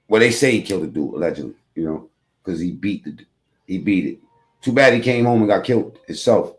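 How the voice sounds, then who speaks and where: A man's voice: deep voice, a little mellow. A man hosting a reaction video, rambling in casual streetwise slang with plenty of profanity.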